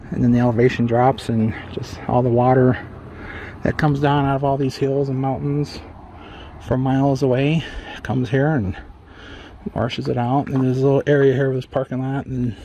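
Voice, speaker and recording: A man's voice: mid-range voice, dark tone, slight background noise. A man on a desert trail, chatting casually for a hiking vlog with rambling, self-deprecating asides, a little out of breath. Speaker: travel vlogger.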